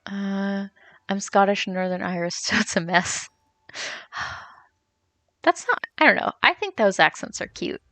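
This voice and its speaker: A woman's voice: mid-range voice, normal speed, fairly bright tone, dry recording. A young woman streamer chatting casually and rambling as she answers viewers while she plays. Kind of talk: casual chat while gaming, reading chat.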